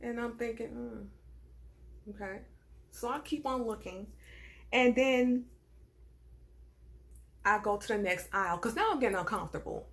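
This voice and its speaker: A young woman from the American South with a Southern accent, telling a personal story in a casual, animated and indignant way. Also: on the high side, measured pace, gravelly, pauses often. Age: young adult. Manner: animated, indignant, swings between hushed asides and raised outbursts.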